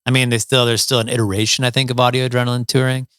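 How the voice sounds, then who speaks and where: A man's voice: medium pitch, level tone, racing, a bit bright, clear, resonant tone, no room sound, clean studio sound. A middle-aged man from Ohio, a musician, telling stories in a casual interview, with many fillers and restarts. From Toledo, Ohio, USA. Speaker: guest, musician.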